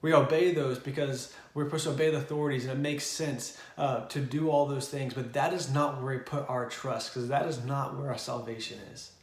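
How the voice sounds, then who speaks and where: A young male youth pastor talks through a Bible story in a relaxed, conversational way, with plenty of easy fillers. His voice sits in a middle pitch and carries a noticeable room echo. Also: fairly quick, hardly any pauses. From Oklahoma. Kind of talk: casual Bible devotional.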